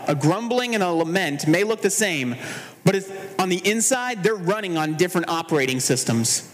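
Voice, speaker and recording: High-voiced man preaching in echoing hall. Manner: earnest, measured preaching with slowed emphatic phrases. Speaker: pastor. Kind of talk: sermon.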